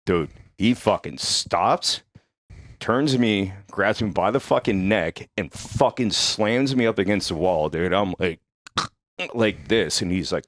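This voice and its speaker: A young man hosting a podcast, telling a story in a casual, profane and animated way. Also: lowish voice, measured pace, dry recording, studio quality. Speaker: podcast host.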